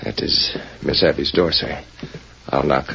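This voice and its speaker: A man's voice: very deep voice, steady tone, measured pace, gravelly, exaggerated voice. An actor playing a polite, formal male servant in an old radio drama. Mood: nervous. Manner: deferential, formal. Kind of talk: 1930s radio acting. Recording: muffled old radio recording with hiss.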